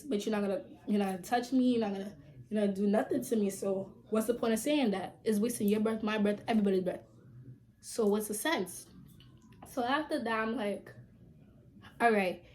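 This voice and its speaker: A young woman vlogger telling a storytime in a casual, blunt way. Her voice sits fairly high, and she swears freely. She acts out what people said, with sudden loud bursts. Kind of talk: storytime vlog.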